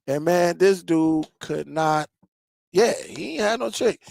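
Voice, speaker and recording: A man hosting a streaming tech channel, chatting casually with viewers and telling stories in an animated way, laughing and repeating himself. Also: a little high, slow pace, creaky, no echo, clean studio sound.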